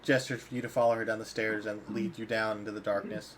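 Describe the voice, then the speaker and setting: A man narrating as game master in a tabletop game, in a relaxed, plain way. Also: on the low side, fast talker, a little hiss or hum.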